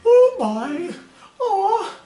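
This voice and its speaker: A man's voice: extremely high pitch, very animated, extremely slow, dark tone, reverberant, voice pushed up, heavily acted, poor audio. A man voicing a fretful, doting female village shopkeeper in a breathless, fussing way.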